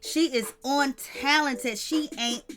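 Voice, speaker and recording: Woman, high-pitched, casual gossip commentary, slangy, animated retelling. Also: takes it slowly. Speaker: gossip vlogger.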